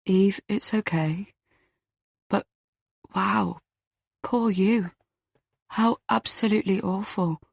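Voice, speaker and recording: A woman voicing a kind young man, speaking softly and sympathetically. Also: mid-range voice, unhurried, no echo, studio quality, lightly acted. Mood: soft, sympathetic.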